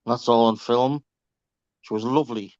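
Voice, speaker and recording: A man's voice: medium pitch, steady tone, moderate pace, darkish tone, no room sound. Group-call regular: man with a mid-range voice, chatty and profane, slightly muffled dry recording. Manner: chatty, swears freely, laughs through stories. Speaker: reading group member on a group call. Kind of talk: casual anecdote telling.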